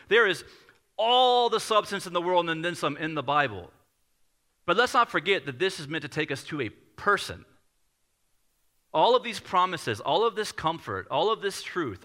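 Bright, sharp-toned male pastor preaching. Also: on the high side. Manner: conversational, self-deprecating storytelling. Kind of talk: sermon. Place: church, preaching to a congregation.

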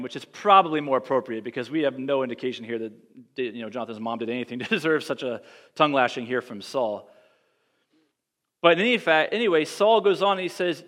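A man preaching a sermon in a church, reading scripture aloud and breaking off into wry, animated asides. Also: medium pitch, brisk, big-room sound. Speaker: pastor.

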